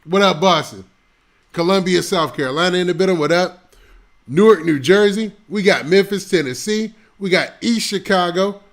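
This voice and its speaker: A man hosting a casual live stream on a close mic, shouting out viewers' locations and talking in laid-back slang. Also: high voice, moderate pace. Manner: shouting out viewers' locations one after another.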